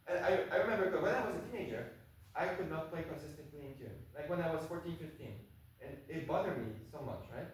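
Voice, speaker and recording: A man's voice: on the high side, lively intonation, quick pace. A man teaching a viola masterclass, talking emphatically and checking in with the student again and again. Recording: very echoey room, mic far off.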